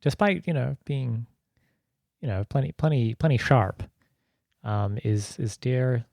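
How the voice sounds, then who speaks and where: A man's voice: medium pitch, unhurried, gravelly, darkish tone, no echo, studio quality. A man hosting a podcast, chatting casually with rambling, giggly talk full of restarts. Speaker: podcast host.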